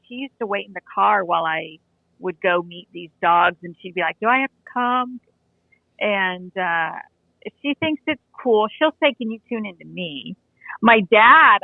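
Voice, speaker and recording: A woman's voice: mid-range voice, creaky, no room sound. A woman in her forties, an animal communicator, chatting in an interview and telling stories with frequent restarts. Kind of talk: casual interview chat. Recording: tinny dry phone-line audio.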